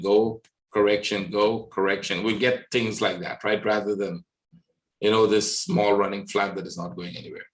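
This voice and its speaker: A man with a low voice talks through market charts as a webinar host. He reasons out loud and keeps tagging "right?" onto his points. The sound carries a noticeable room echo. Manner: thinks aloud, many "right?" tag questions. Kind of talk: live market analysis walkthrough.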